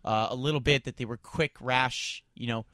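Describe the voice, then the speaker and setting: A man's voice: medium pitch, fairly even intonation, normal speed, a bit bright, no room sound, clean studio sound. A man hosting a sports radio show, ranting with indignation and stumbling over repeated words. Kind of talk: heated sports talk radio rant. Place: radio studio. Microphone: studio microphone.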